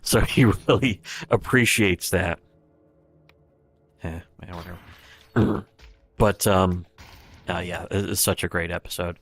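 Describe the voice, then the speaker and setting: A man's voice: deep voice, fairly even intonation, slow pace, pauses often, a bit bright, soft background music. A man giving rambling, profane livestream commentary, retelling scenes with quoted voices. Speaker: streamer.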